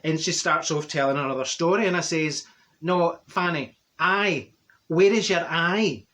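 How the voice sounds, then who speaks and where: A man's voice: fairly high pitch, unhurried, fairly bright tone. A man playing a chatty older woman from Glasgow with a Glaswegian Scottish accent, telling a rambling comic story and laughing at his own jokes. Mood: gossipy. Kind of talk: comic character monologue.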